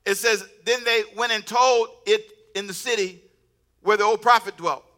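A man's voice: high-pitched, normal speed. A man preaching a sermon as pastor, joking with the congregation and breaking into laughter. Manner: humorous, animated preaching with laughter.

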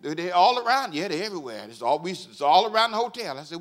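A man preaching a sermon as pastor, animated and folksy, leading the congregation in call-and-response and laughing at his own stories. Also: high-pitched, fast talker.

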